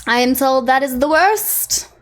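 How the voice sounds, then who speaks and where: High-voiced woman chatting with viewers. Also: lively intonation, a little slow. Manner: chatty, greets viewers by name. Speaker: live streamer. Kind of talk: casual chat with viewers.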